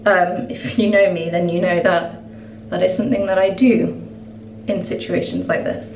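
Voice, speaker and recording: A young woman telling a story in a casual vlog, chatty and animated, peppering her talk with "like". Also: lowish voice, moderate pace. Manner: chatty, animated retelling full of "like". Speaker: vlogger. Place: at home. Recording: roomy echo, distant mic, faint noise.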